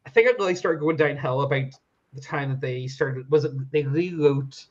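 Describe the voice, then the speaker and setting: A man's voice: a little high, normal speed, lo-fi sound. A man chatting casually, rambling, laughing often and swearing as he talks. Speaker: podcast guest. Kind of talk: casual chat.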